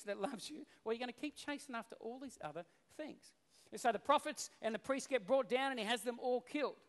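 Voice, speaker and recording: A male pastor preaching a sermon, telling the story in an animated, casual way. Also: high voice. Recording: long reverb in a hall.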